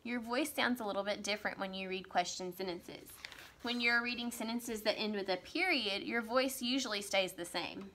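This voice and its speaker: A woman teacher giving a writing lesson to young children, reading example sentences slowly and with exaggerated emphasis. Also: mid-range voice, sharp tone. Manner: slow, exaggerated read-aloud of example sentences.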